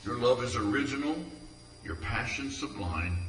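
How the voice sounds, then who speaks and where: A man's voice: mid-range voice, animated, normal speed, background noise. A man earnestly reading his own poems aloud at a community event, tender and heartfelt. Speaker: poetry reader. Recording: echoey room from far off.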